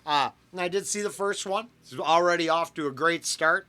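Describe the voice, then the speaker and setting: A man's voice: a little high, moderate pace, bright, forceful tone, smooth. A man hosting a reaction channel, chatting casually and rambling with fillers and restarts. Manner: rambling, with fillers and self-corrections.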